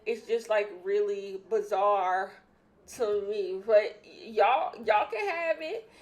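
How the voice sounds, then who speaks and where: A woman's voice: medium pitch, animated, takes it slowly. A young woman hosting a casual solo podcast, opinionated and emphatic, repeating her points, a bit out of breath. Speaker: podcast host.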